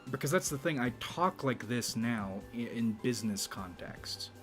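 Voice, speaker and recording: A man hosting a YouTube channel in a rambling, casual monologue, speaking in a deliberately low register with a slight vibrato. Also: lively intonation, a bit bright, soft background music. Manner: rambling, with frequent restarts and profanity.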